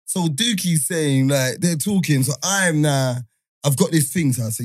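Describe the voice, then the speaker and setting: A man, telling a story in casual podcast chat, animated and full of laughter and slang. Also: medium pitch, normal speed, no room sound, clean studio sound. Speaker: podcast host.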